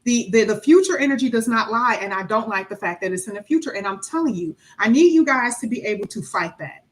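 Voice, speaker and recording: A high-voiced woman reads tarot for her viewers in an animated, emphatic way. She repeats her points for effect and slips into little acted-out voices of the people she talks about. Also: quick pace. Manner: animated, acts out quoted voices, emphatic repetition. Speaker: tarot reader. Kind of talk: tarot reading monologue.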